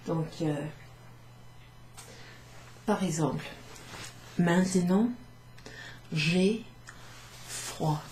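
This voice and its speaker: Woman language teacher, low and unhurried, echoey room with faint hiss. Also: darkish tone. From Wales. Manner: slow, patient explaining, switching between English and French. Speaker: French teacher. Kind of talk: relaxed classroom recap lesson.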